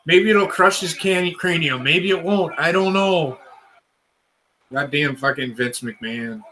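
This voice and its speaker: A young man talks over a wrestling match for his audience in a casual, profane running commentary. His voice sits a little high and rings bright and forceful. He is blunt and excitable, with swearing in nearly every line. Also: measured pace, low-quality recording. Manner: blunt, swears constantly, enthusiastic. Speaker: host watching wrestling with viewers.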